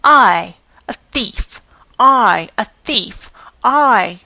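A woman narrator voicing an indignant old woman with few teeth in an audiobook, her lines shrill and outraged. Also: fairly even intonation, normal speed, a bit bright, no room sound, close to an everyday voice. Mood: furious.

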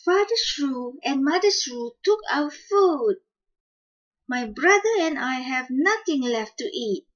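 A woman's voice: high voice, animated, takes it slowly, dull audio, pitched above the performer's own voice. A woman voicing a hungry young quail hatchling who speaks plaintively, in a storybook reading.

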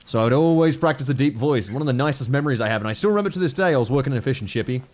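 Swearing young Australian gamer. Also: male voice, animated, background noise. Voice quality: deliberately deep, practiced voice. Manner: swears freely, rambling and self-mocking. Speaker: gaming YouTuber. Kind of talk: casual gameplay commentary.

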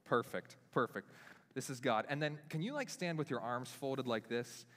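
A young man preaching from a church stage, loose and animated, with his pitch swinging up and down as he acts out the scene. His voice sits in a middle register. It carries the long, hanging reverb of a church sanctuary. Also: moderate pace. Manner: animated, self-deprecating, talks with lively pitch swings. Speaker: pastor. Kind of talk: sermon with live stage demonstration. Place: church hall.

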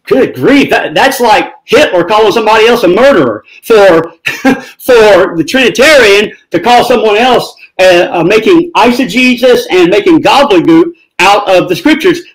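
A man rebutting his opponent in a live debate, indignant and sharp. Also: high voice, lively intonation, moderate pace, low-quality recording.

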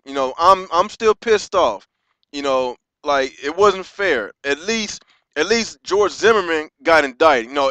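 An American man delivering an impassioned vlog rant, halting and restarting often and swearing freely. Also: sits high, a bit bright, dry recording. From United States. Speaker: vlogger.

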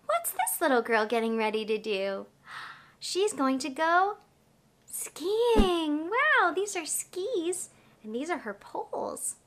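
A woman in her thirties hosting a children's educational video, with an animated, slow and clear sing-song delivery for toddlers. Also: high-pitched, a little hiss or hum. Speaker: preschool teacher host.

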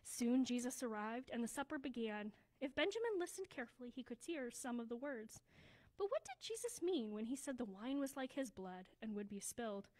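A woman reading a children's story aloud at a church service, slowing down for emphasis and dropping to a hush. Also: fairly high pitch, poor audio. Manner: expressive, slows down for emphasis, drops to a hushed voice.

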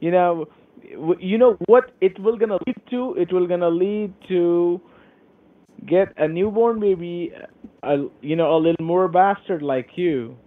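A man's voice: high-pitched, a little slow. A man, a call center agent trading insults on a phone call in English and Hindi. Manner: insulting, taunting, switches between English and Hindi. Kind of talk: abusive phone banter. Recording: tinny phone line.

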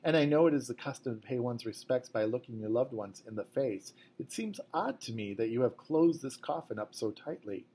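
A man voicing a harsh, condescending male officer who talks loudly, in a storybook reading. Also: mid-range voice, expressive, a little fast, hardly any pauses, husky.

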